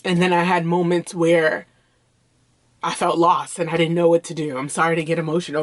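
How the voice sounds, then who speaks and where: A woman's voice: on the low side, fairly even intonation, normal speed. A woman vlogging in a candid, conversational way, earnest and open as she speaks directly to her viewers. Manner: loose and conversational, with fillers and restarts. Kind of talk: candid personal vlog talk.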